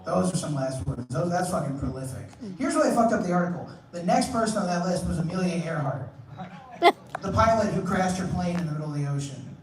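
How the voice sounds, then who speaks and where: A young man does stand-up on a club stage, telling crude conversational stories and acting out quotes in a high voice with lively intonation, a little fast. The mic is distant, the live club recording is roomy and noisy, and the audience laughs.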